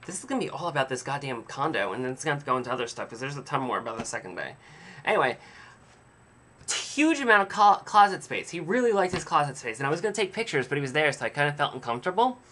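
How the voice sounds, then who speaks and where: Guy rambling thru a story on his vlog, jokes at himself, bright tone. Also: on the high side, sing-song, quick pace. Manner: rambling, self-deprecating asides. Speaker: vlogger. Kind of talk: casual storytelling.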